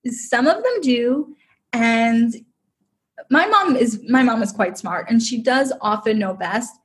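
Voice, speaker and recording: A woman's voice: on the high side, expressive, slow. A woman, a podcast guest, telling a personal story in a chatty, emotional way, with lots of "like". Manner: chatty, heavy use of "like", emotional.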